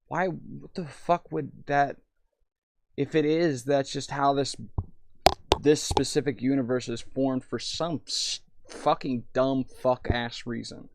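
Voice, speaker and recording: A man's voice: mid-range voice, steady tone, slow pace, vocal fry, slight background noise. A young man streaming in VR, tipsy and rambling, swearing freely while reading chat aloud.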